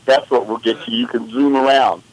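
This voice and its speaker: A man's voice: mid-range voice, brisk, no room sound, poor audio. A man co-hosting a radio show, rambling in casual chat and getting worked up as he tells stories. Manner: animated, rambling, exasperated storytelling. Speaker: radio co-host.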